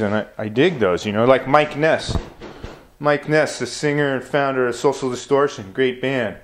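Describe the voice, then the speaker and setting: Profane rambling man. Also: on the high side. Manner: profane, laid-back and rambling. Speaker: comedian. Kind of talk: rambling stand-up monologue.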